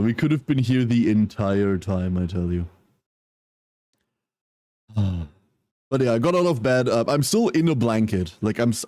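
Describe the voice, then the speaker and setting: A man chatting casually on a livestream, groggy from a nap, speaking softly and apologetically as he greets viewers one by one. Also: on the low side, dry recording, studio quality. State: groggy, just woke from a nap. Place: at home, wrapped in a blanket.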